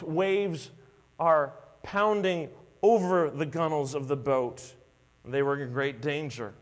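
A high-pitched man delivers a sermon from the pulpit, telling the story with dramatic flair and acting out each voice. His voice rings out in a reverberant hall over a low mains hum. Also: fairly bright tone. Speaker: pastor.

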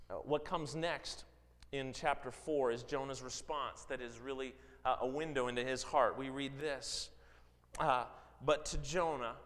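A man preaching a sermon, dramatic, swinging from loud emphasis to low, quiet stretches. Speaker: pastor. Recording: long hall reverb.

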